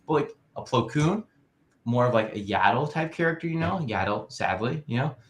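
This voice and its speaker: A man's voice: mid-range voice, expressive, normal speed. Rambling man in an echoey room. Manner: rambling, lots of "you know". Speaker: podcast co-host. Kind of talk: casual chat.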